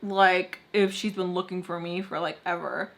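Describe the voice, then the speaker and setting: A woman's voice: on the low side, normal speed, vocal fry. A young adult woman vlogger telling a personal story in a casual, chatty way, full of fillers, with a blunt, frustrated edge. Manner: chatty, filler-heavy, animated retelling. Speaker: beauty vlogger.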